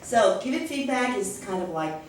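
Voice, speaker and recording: A woman with a medium-pitched, animated voice speaks at normal speed while training teachers, acting out classroom phrases and frequently checking with "okay?". The recording, made from far off in a large echoey classroom, has a little hiss or hum.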